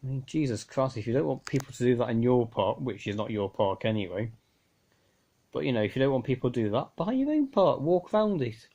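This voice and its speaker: A man's voice: medium pitch, sing-song, fairly quick, dark tone. A man, talking casually to a phone camera in a rambling, exasperated, chatty way. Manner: rambling, exasperated, chatty with frequent "you know". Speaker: amateur radio vlogger.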